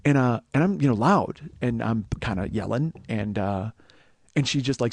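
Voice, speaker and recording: A man in his forties hosting a comedy podcast, telling a profane story and breaking into shouts as he reenacts an argument. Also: mid-range voice, animated, normal speed, slightly rough, dry recording. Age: 40s. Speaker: podcast host.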